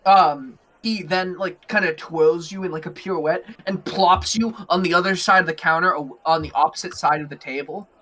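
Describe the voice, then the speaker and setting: A man's voice: on the high side, steady tone, moderate pace, hardly any pauses, pushed and bright. A young man narrating as game master in a rambling, giggly way full of fillers.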